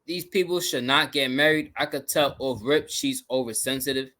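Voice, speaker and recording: A man's voice: mid-range voice, normal speed. A man hosting a reaction video, giving blunt, profane running commentary on a show. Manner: blunt, profane, animated rants.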